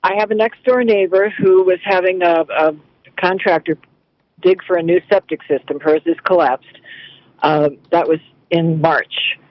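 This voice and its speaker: A man's voice: high voice, steady tone, measured pace, no room sound. A man calling in to a radio show, earnestly explaining a neighbor's problem. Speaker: caller. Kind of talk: phone-in call. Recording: dull lo-fi radio stream.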